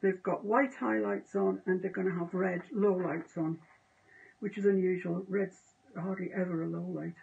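A woman's voice: on the low side, fairly even intonation, moderate pace, creaky, a little mellow, breathy edge. A woman demonstrating painting on a live stream, chatting casually and trailing off mid-thought. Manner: chatty, self-amused, trails off mid-sentence. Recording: dull lo-fi live stream audio.

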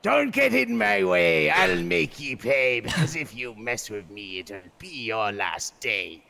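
A man putting on a gravelly old pirate captain. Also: mid-range voice, big pitch swings, measured pace, bright, forceful tone, in a large hall, heavily acted. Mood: boastful menace. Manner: gravelly rhyming pirate rap. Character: old gold-loving male pirate captain, boastful and threatening. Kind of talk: game role-play rap battle.

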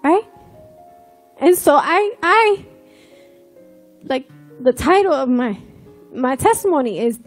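A woman's voice: high voice, expressive, takes it slowly, long pauses, faint music behind. A woman giving a personal testimony, telling her story with animation and acting out the dialogue. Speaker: testimony speaker.

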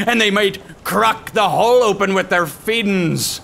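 A man voicing a soft-hearted, fussy male pirate with a hook hand, who starts his sentences with a growled "arr" in broken pirate grammar. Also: sits high, slow pace, creaky, a little hiss or hum, voice pushed up, full character voice. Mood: fretful.

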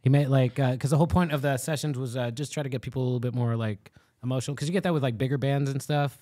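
A man hosts a casual podcast chat, rattling off animated stories at a quick clip and swearing freely. His voice sits dry and close to the mic. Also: mid-range voice, no room sound. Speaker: podcast host.

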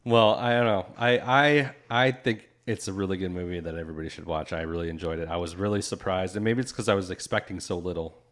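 Male podcast co-host with a very deep voice, relaxed and agreeable, thinks aloud. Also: fast talker, few pauses. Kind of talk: casual movie review chat.

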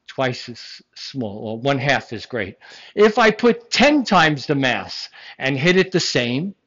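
Animated lecturer in a dull recording. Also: medium pitch, takes it slowly. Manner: animated, emphatic, with rhetorical questions and jokes. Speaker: science lecturer. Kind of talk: classroom lecture. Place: classroom.

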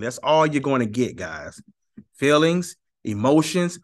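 A man's voice: on the high side, big pitch swings, unhurried, fairly bright tone. A man giving heated talk-to-camera religious commentary, emphatic and sarcastic, repeating his points and speaking straight to viewers.

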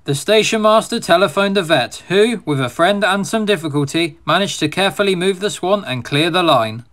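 A man reading a children's storybook aloud as narrator, in a steady, expressive manner. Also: high-pitched, moderate pace, few pauses.

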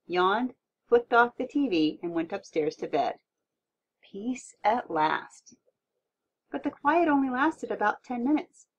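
A woman narrating a children's audiobook in a playful, expressive way, on a dull, lo-fi recording. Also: mid-range voice, slight background noise.

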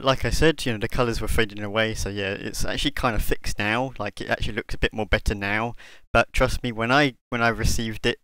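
A man's voice: medium pitch, fairly bright tone, smooth, dry recording, poor audio. A man giving a casual product review of a costume mask, rambling and hesitant, with many fillers and restarts.

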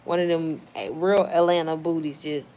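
A woman's voice: low-pitched, steady tone, normal speed, dark tone. A tipsy young woman hosting a livestream, reading chat messages aloud and snapping back at chatters in a brash, profane way. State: tipsy from wine.

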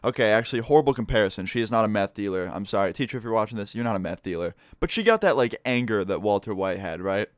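A man's voice: fairly low pitch, lively intonation, fast, few pauses, no room sound, clean studio sound. A young man telling a school story in a casual storytime vlog, cursing freely and talking animatedly. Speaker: vlogger.

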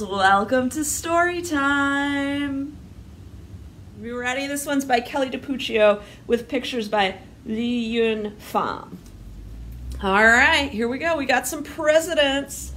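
A woman who is a children's librarian, reading and singing to kids in an animated, playful way. Her voice sits a touch high, and she speaks slowly and clearly. There is faint background noise. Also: far from the mic. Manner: animated, playful, sings a call-and-response song. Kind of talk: virtual storytime reading to children.

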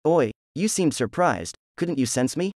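A man's voice: a little high, lively intonation, unhurried, darkish tone, no room sound, clean studio sound. A man voicing a rude, lazy, cocky young male ninja who talks in crude, mocking insults, in a fan story reading.

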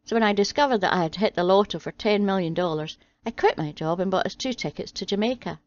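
A woman reading a string of jokes aloud in a steady, deadpan way. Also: medium pitch, quick pace, no room sound. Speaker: channel host reading jokes. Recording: dry, slightly dull home audio.

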